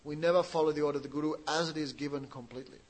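A man with a somewhat high voice preaches by retelling a sacred story. He keeps it lively, breaks off to question his listeners, and drops in wry asides. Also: racing, low-quality recording. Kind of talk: sermon with retold scripture story.

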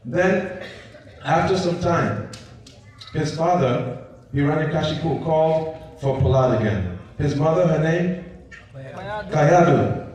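A man's voice: a little high, takes it slowly, pauses often, darkish tone. A man preaching, retelling a scripture story and checking in with his listeners. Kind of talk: sermon storytelling. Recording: very echoey hall, distant mic.

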